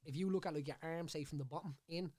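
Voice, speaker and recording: A man's voice: fairly high pitch, fast, a little mellow, dry recording, studio quality. A man with a Dublin Irish accent, a podcast guest talking casually and rambling, with stumbles, repeated words and "you know what I mean" tags. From Ireland. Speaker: podcast guest, former fighter. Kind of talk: casual chat. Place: studio.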